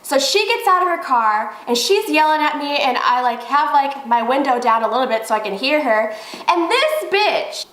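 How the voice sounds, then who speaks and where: A young woman vlogger telling a story in a casual, animated way, swearing freely. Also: high voice, brisk, hardly any pauses, reverberant, low-quality recording. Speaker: beauty vlogger.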